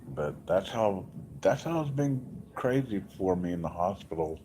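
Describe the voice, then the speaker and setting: A man with a very low voice talks slowly from his hospital room. He rambles through his stories with repeated asides, and a faint hum sits behind him. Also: expressive. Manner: rambling, repetitive storytelling with many asides. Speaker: vlogger. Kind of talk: casual rambling update.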